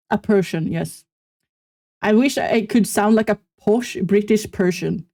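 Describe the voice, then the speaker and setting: A young woman streaming, chatting casually and self-mockingly with her viewers in quick exclamations. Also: medium pitch, creaky, warm tone. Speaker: streamer reacting to a video. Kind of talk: casual live-stream chat.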